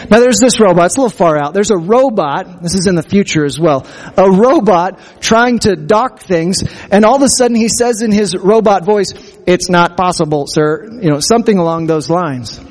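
A man's voice: high voice, expressive, moderate pace. A man preaching a sermon as pastor, earnest and conversational, speaking to his congregation. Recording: long hall reverb.

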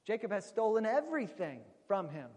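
A man's voice: high voice, very animated, a little fast, a little mellow, dull audio. A man preaching a sermon, retelling a story in a conversational way and calling his listeners friends. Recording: long reverb of a large hall.

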